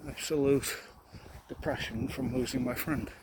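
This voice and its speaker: Young man, out of breath, walking outdoors, halting reflective talk, loud outdoor noise. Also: medium pitch, fairly even intonation. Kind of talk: candid personal vlog while walking.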